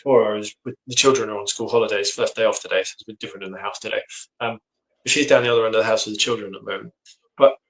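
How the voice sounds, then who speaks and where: A man, a dog trainer, explaining his methods in an earnest, steady way from his home office. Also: medium pitch, poor audio. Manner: earnest, explanatory, lots of agreeing 'yep'. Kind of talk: casual conversation.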